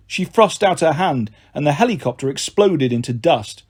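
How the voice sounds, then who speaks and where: Male audiobook narrator, lively pitch, husky tone, slightly high. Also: normal speed, few pauses. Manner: expressive storytelling.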